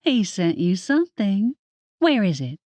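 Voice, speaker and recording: An eager young witch pushes her voice upward with excitement and teasing glee, voiced by a woman narrator. Her delivery swoops across a wide range. The recording is dry and close. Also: a little slow, no room sound. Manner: excited and high-pitched.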